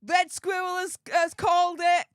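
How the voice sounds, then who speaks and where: A British woman hosting a live stream, chatting casually, laughing often and reading out viewer comments in a frank, animated way. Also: very high-pitched, unhurried, no echo, clean studio sound. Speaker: livestream host reading viewer chat.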